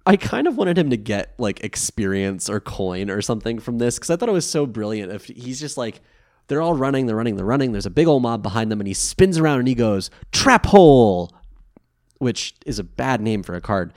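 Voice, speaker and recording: A podcast co-host talks through an episode with a very lively, swooping voice. He swears freely and acts out lines with sudden loud jumps. The sound is dry and close. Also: lowish voice, a little fast, no echo. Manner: animated, swearing, acts out quotes. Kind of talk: casual recap chat.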